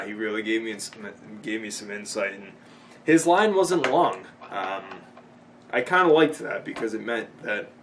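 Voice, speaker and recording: A man's voice: lowish voice, fairly bright tone, a little hiss or hum. A man in his twenties from Boston, rambling casually in a vlog recap, with many ums and restarts and frequent swearing. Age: 20s. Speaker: vlogger.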